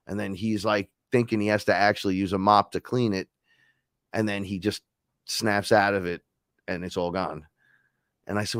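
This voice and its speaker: A man's voice: fairly low pitch, steady tone, normal speed, fairly bright tone, no room sound, clean studio sound. A man hosting a casual spiritual talk, telling stories in a rambling, profane way. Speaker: host.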